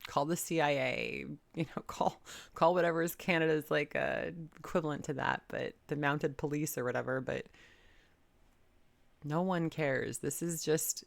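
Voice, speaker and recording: A woman with a low, gravelly voice delivers blunt reaction commentary. She sounds exasperated and swears freely. The sound is dry and close. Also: moderate pace, no room sound. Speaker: commentary host.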